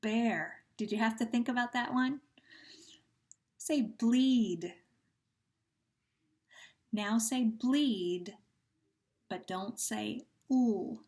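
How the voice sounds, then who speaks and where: A woman teacher leading young children through a phonemic awareness lesson, running patient sound drills and praising each answer. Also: fairly high pitch. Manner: slow, patient drills with pauses and gentle praise.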